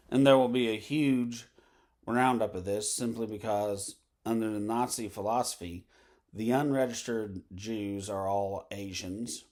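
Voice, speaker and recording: Man, lowish voice, rambling vlog monologue, lots of fillers and tangents. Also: slow pace, long pauses, warm tone. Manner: meandering, full of fillers and asides. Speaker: vlogger.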